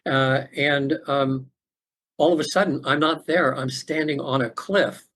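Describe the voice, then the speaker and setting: A middle-aged man, a podcast guest, telling a personal story in an earnest, halting way with many restarts, over a remote call. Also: medium pitch, steady tone, a bit bright. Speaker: podcast guest, afterlife facilitator.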